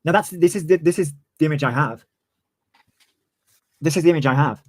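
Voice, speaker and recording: A man's voice: a little high, brisk, dry recording. A man in his twenties, ranting heatedly on a livestream and swearing freely. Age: 20s. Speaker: streamer. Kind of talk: livestream commentary.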